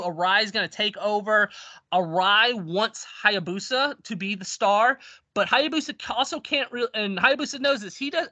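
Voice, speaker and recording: A man's voice: high voice, pushed and bright, no echo. A man casually retelling a long story on a podcast, rambling with restarts and acted-out quotes. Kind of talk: casual wrestling history chat.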